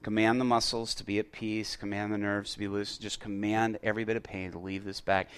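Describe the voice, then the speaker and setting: A middle-aged male pastor telling a story in a sermon, acting out the dialogue and getting loud at the punchlines. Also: fairly low pitch, flat delivery, a little fast, smooth. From Chicago area.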